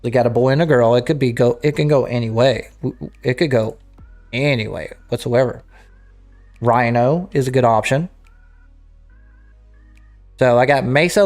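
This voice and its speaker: A man hosting a casual gaming livestream, talking off the cuff with frequent restarts and throat-clearing. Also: medium pitch, a little slow, pauses often, darkish tone, faint music behind. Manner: rambling, self-interrupting, clears throat. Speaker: livestream host.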